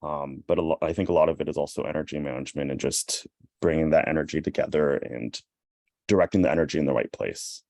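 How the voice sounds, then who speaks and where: A man answering in a team meeting on a video call, hesitant and filling his pauses with ums. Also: very deep voice, creaky, dark tone, no echo, studio quality. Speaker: team member. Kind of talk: sharing takeaways in a meeting.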